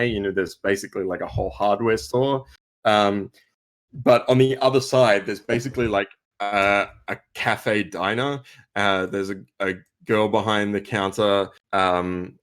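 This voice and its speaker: A man's voice: fairly low pitch, a bit bright. A man running a tabletop game as game master, describing scenes in a casual, rambling way.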